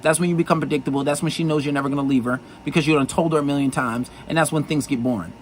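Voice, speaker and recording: A man's voice: fairly high pitch, fairly even intonation, racing, a little hiss or hum, poor audio. A man giving blunt dating advice in a profane, insistent monologue full of repetition.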